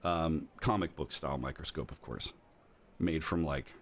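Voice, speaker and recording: A man with a very low voice runs a tabletop game as game master. He narrates in a loose, rambling way, joking and restarting his sentences. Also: moderate pace, slight background noise. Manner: rambling, jokey, many fillers and restarts.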